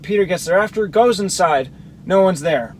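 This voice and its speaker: Male Bible teacher, higher voice, reads verses and then breaks them down; faint background noise. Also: animated, moderate pace, low-quality recording. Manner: explanatory, reads verses then compares accounts. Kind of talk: scripture reading with commentary.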